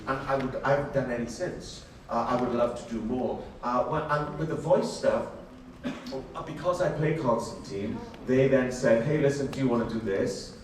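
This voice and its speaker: A man's voice: mid-range voice, normal speed. Man, chatty, in an echoey hall. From Wales. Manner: animated, chatty, laughs while telling stories. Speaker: actor, panel guest. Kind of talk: convention Q&A storytelling. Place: large convention hall. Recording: very echoey hall, distant, faint noise.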